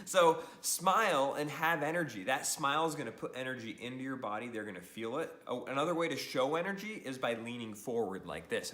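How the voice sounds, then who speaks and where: A man giving an energetic social media training talk to the camera, upbeat and animated, often laughing and tagging lines with "right?". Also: mid-range voice, fairly quick, hardly any pauses, reverberant.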